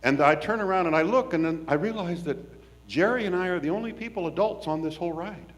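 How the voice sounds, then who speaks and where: Animated folksy storyteller, man. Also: fairly high pitch, brisk. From Washington State, US. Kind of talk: personal storytelling.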